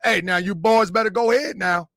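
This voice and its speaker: A man voicing a folksy older Southern male sheriff in overalls, with a slow, mock-stern drawl. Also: high-pitched, gravelly, a bit bright, no room sound, studio quality. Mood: dismissive.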